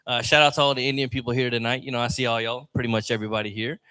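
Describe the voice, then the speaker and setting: A man's voice: mid-range voice, level tone, rapid-fire, bright, forceful tone. A man doing a loose, rambling stand-up set on a lounge stage mic. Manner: rambling, loose, chatty delivery. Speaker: open mic comedian.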